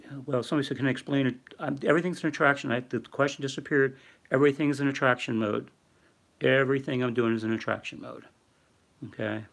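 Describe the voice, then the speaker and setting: A man's voice: mid-range voice, steady tone, quick pace, vocal fry. An older man hosting a casual livestream, rambling and reading viewer chat aloud with lots of fillers. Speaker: livestream host. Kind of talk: casual live-stream talk.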